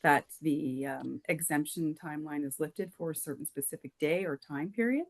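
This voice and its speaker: A woman's voice: low-pitched, moderate pace. Woman staffer answering council. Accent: Canadian. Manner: polite, hedging with fillers. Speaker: town staff member. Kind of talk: council meeting briefing. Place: council chamber.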